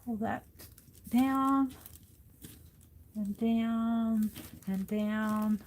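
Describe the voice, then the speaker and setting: A woman's voice: on the high side, slow pace, pauses often, a little hiss or hum. A woman hosting a casual crafting livestream, talking herself through each step as she works and reading viewers' comments aloud.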